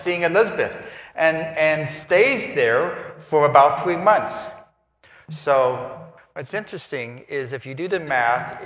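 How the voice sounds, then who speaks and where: A man giving a lively homily, acting out voices and asides, in a large church. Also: on the high side. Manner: animated, acts out voices and asides. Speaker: priest. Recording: roomy church reverb.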